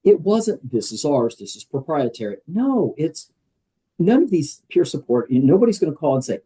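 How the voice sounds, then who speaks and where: A man's voice: a little high, big pitch swings, normal speed, mellow, slightly rough, low-quality recording. An older American man, a guest on a podcast interview, talking in a conversational, emphatic way with many fillers. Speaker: guest, wellness program leader.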